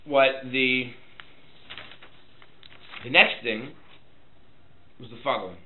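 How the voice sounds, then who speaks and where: A man, a rabbi, teaching a Torah class, quizzing his students and swinging between loud and soft. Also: medium pitch, takes it slowly, reverberant, phone-quality sound, slight background noise.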